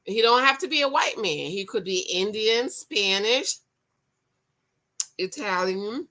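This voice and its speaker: A woman's voice: medium pitch, expressive, unhurried, bright, forceful tone. A middle-aged woman hosting a casual livestream, reading viewer comments and laughing as she talks straight to her viewers.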